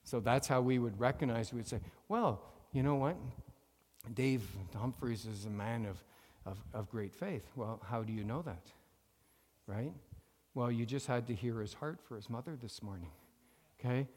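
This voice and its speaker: A pastor preaching a sermon to his congregation, calling for amens and having them repeat lines after him, moving between loud emphatic phrases and quiet asides. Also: medium pitch, moderate pace, long reverb tail. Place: church sanctuary.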